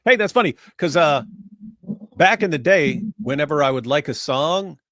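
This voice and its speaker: A man's voice: on the high side, lively intonation, normal speed, fairly bright tone, no echo, studio quality. A man co-hosting a casual livestream, trading wry, teasing banter. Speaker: livestream co-host.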